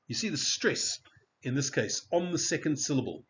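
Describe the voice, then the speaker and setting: A man's voice: medium pitch, big pitch swings, brisk, fairly bright tone, muffled recording. A man teaching a recorded spelling lesson, carefully repeating and stressing each example word.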